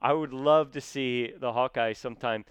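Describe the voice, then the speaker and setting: Animated Midwestern man, casual podcast guest. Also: medium pitch, normal speed, clean tone, no room sound. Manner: animated, energetic, rambling with many fillers. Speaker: guest, theater actor and sports commentator.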